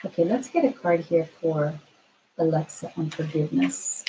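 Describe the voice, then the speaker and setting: A woman tarot reader answering viewer questions on a live stream, gentle and reassuring, thinking aloud with frequent fillers. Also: low voice, lively intonation, normal speed, noisy background.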